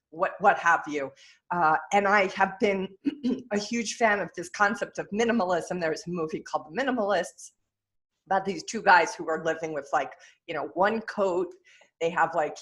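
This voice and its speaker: A woman with a New York accent co-hosts a podcast. She chats in an emphatic, lively way, explaining her ideas at length and laughing easily. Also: on the low side. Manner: chatty, quick to laugh, emphatic. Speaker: podcast co-host. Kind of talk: casual chat.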